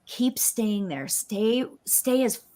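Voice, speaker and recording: A woman who works as a spiritual medium, co-hosting a live stream and giving card readings in an effusive, excited and emotional way. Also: on the high side, takes it slowly. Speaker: spiritual medium, guest co-host.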